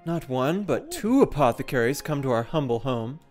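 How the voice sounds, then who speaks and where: A man's voice: mid-range voice, very animated, normal speed, a little mellow, soft background music, natural voice. A man reading out the lines of a grateful, humble villager in a video game, in an earnest way.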